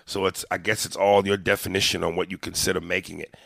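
A man, a comedian, talking in a casual podcast chat, profane and animated, often acting out little voices. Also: deep voice, quick pace, vocal fry, no echo, studio quality. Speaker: comedian guest.

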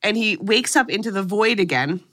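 A woman's voice: medium pitch, animated, normal speed, fairly bright tone. A woman co-hosting a podcast, recapping a movie in casual chat and swearing freely as she tells the story.

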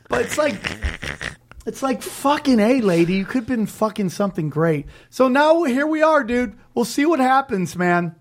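A man's voice: extremely high pitch, expressive, normal speed, a little hiss or hum. Heated, swearing man ranting. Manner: heated, rambling, swears constantly. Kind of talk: casual profane chat.

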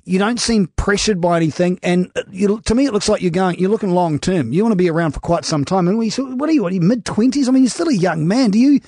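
Fast, high-voiced New radio host. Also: male voice, animated, darkish tone, no echo, clean studio sound. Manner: chatty and teasing. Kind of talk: radio interview.

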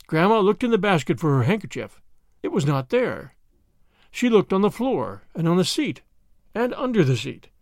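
Expressive male storybook narrator. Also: sits high, no room sound, studio quality. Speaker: audiobook narrator.

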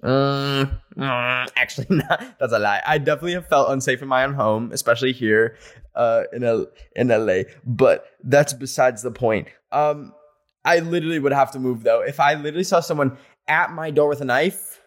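Guy hosting a chatty podcast, reading fan stories out loud, jokey and animated, medium voice. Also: medium pitch, moderate pace. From rural area. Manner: playful, animated reactions with laughter. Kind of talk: casual podcast chat.

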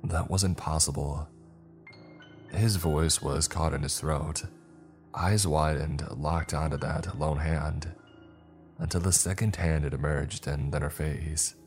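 Very deep-voiced man narrating horror. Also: fairly even intonation, takes it slowly, faint music behind.

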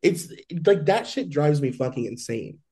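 Exasperated man with a mellow voice. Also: on the high side, normal speed, husky. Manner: exasperated, animated, swears freely. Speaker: podcast co-host. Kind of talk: casual chat.

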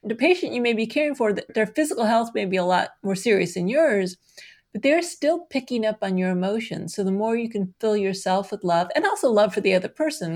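A middle-aged woman answering interview questions in an earnest, explanatory way, sometimes laughing. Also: mid-range voice. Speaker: guest, self-compassion researcher. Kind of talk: conversational interview.

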